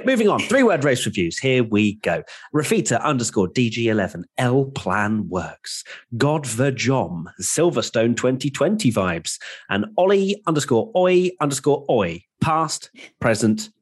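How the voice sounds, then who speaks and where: A man's voice: mid-range voice, slightly rough. Upbeat man hosting a casual podcast. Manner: chatty, upbeat, jokey asides. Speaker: podcast host.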